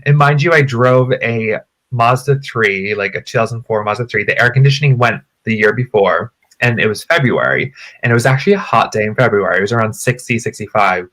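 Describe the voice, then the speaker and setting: A man chatting casually on a podcast, telling a long story with lots of swearing and high-pitched voices when he quotes people. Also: a little fast, a bit bright. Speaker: co-host.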